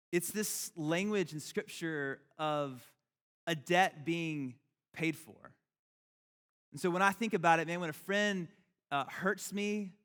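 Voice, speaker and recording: High-voiced man preaching in a hall. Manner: animated, conversational preaching with repeated phrases. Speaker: youth pastor. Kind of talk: sermon. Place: church hall. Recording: echoey hall.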